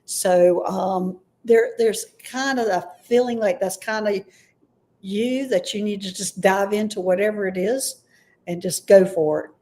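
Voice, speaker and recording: A woman's voice: mid-range voice, a little slow, darkish tone. A woman giving a live-streamed intuitive reading, tentative and often unsure of the messages she passes on. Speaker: intuitive reader.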